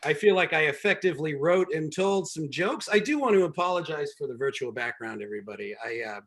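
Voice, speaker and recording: A man with a slightly high, animated, somewhat bright voice talks briskly while doing a wry stand-up set and hosting a show from home over a video call. He rambles, with many ums and restarts.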